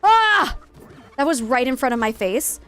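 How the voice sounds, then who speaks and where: A woman's voice: on the high side, fairly quick, clean tone, soft background music. A woman live-streaming a game in casual chat, greeting viewers and going off on playful, jokingly dramatic rants.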